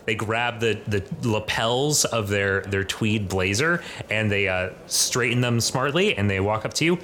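A man's voice: fairly low pitch, measured pace, pushed and bright, slight background noise. Rambling man as game master. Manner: rambling, filler-heavy. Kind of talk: narrating a tabletop game.

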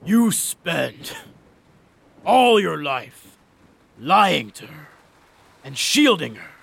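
A man voicing a dying male Cyclops giant, rasping and gasping out scornful words. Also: on the high side, very animated, extremely slow, fairly bright tone, full character voice.

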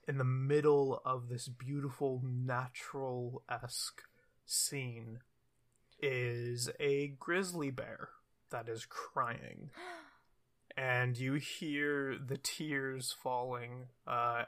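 A woman running a tabletop role-playing game, calmly describing the scene. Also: very deep voice. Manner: calm, descriptive storytelling with light laughs. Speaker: game master.

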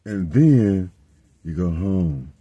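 A man in a casual chat, musing slowly and thoughtfully. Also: deep voice, lively intonation, dark tone, breathy edge, no room sound, muffled recording. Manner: slow, musing.

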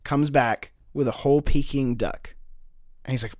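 A man's voice: mid-range voice, fairly even intonation, normal speed, darkish tone, no room sound, studio quality. A man in casual chat, brainstorming a story, rambling with many fillers and swearing as he acts out characters' lines.

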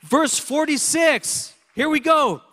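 A man's voice: very high voice, slow, sharp tone, in a large hall. A male pastor preaching a sermon in a church, fervent and emphatic, repeating his phrases for emphasis.

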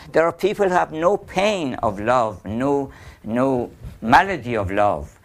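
A man's voice: mid-range voice, big pitch swings, unhurried. A man with a Persian accent explaining poetry in an interview, telling anecdotes and chanting rhythms aloud. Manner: storytelling, chanting poetic rhythms. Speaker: poet and painter teaching Persian poetry.

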